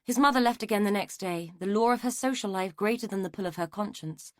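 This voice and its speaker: A mid-pitched female narrator reads a scripted mystery audiobook with steady, measured storytelling. The audio is clean studio sound, with no room sound present.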